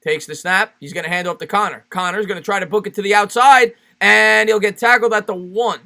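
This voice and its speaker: A man calling live football play-by-play on a stream, excitable and quick to laugh while reading chat messages. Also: high voice, creaky.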